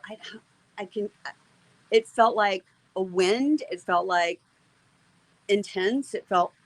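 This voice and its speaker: A woman's voice: mid-range voice, no echo, poor audio. A middle-aged woman, an interview guest, telling a personal faith testimony in an earnest, emotional way, with many fillers and restarts.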